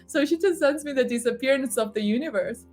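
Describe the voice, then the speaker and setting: A woman's voice: high voice, fast talker, a little mellow, faint music behind. A woman telling a personal spiritual story in a casual, emotional way, often laughing and acting out the voices of others. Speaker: guest sharing spiritual story.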